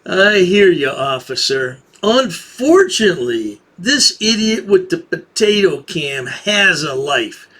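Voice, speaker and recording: Sarcastic husky-voiced man mocking. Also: sits high, bright, forceful tone. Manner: sarcastic, taunting. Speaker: commentary channel host. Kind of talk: mocking video commentary.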